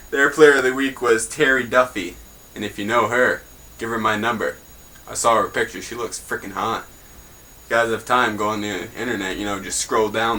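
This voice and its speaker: A man's voice: fairly low pitch, sharp tone, slight background noise, rough recording. A young man hosting a homemade news show in a rambling, crude, joking way. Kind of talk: casual mock newscast.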